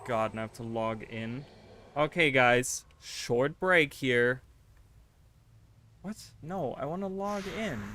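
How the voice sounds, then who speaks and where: A man with a fairly high-pitched voice streams a game live, chatting casually with viewers and getting easily flustered and exasperated. A little hiss or hum is audible in the recording.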